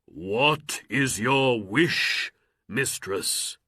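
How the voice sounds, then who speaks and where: Big slow solemn genie guy, booming and drawn out, breathy and dry, a storyteller doing the voice. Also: animated, bright, forceful tone, dry recording, full character voice. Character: huge male genie, solemn and obedient. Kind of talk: storybook reading.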